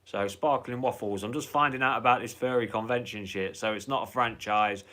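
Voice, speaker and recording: A man's voice: mid-range voice, brisk, sharp tone. A man hosting a casual live stream, chatting in a rambling way, swearing freely and reading out viewer comments.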